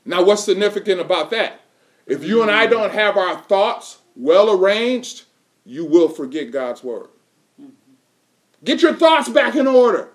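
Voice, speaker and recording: A man's voice: sits high, very animated, measured pace. A male preacher delivering a sermon, reading scripture aloud and quizzing his congregation with fill-in questions in an emphatic way. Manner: reads scripture aloud in King James wording.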